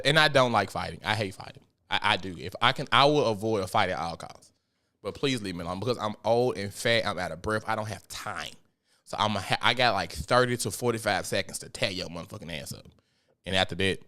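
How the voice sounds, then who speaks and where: A man's voice: fairly low pitch, sharp tone. A man hosting a casual solo podcast, ranting in a blunt, profane, joking way and sometimes turning mock-preachy. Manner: mock-preachy when addressing God. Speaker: podcast host.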